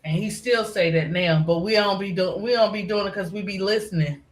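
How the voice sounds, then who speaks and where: Speaking briskly in a medium-pitched voice, a middle-aged woman who regularly appears on a livestream panel rambles casually and leans heavily on fillers. The sound is roomy.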